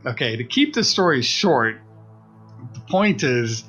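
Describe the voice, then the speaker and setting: A man's voice: mid-range voice, unhurried, soft background music. Man telling a story on a podcast. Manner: animated retelling, acts out quoted voices. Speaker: podcast co-host. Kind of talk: casual storytelling.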